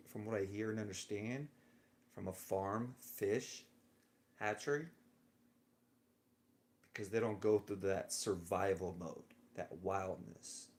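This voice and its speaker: A man's voice: sits low, darkish tone. A man vlogging a rambling personal monologue, musing and drifting between thoughts with frequent chuckles, lying in bed indoors.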